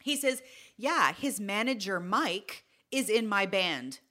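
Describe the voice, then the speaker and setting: A middle-aged woman co-hosting a podcast, telling a story in casual chat and acting out the quoted lines with lively energy. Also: medium pitch, slow pace. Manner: animated, acts out quoted dialogue. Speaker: podcast co-host.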